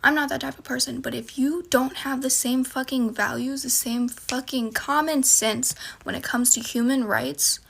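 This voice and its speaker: A woman's voice: high voice, steady tone, moderate pace, gravelly, hardly any pauses, fairly bright tone, breathy edge. A woman lecturing emphatically, with profanity, in a selfie video rant.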